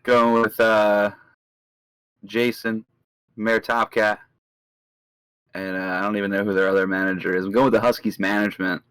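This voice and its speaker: A man's voice: fairly low pitch, little pitch movement, normal speed, long pauses, fairly bright tone, smooth, no echo, rough recording. A man co-hosting a podcast, ranting with sarcasm in casual chat.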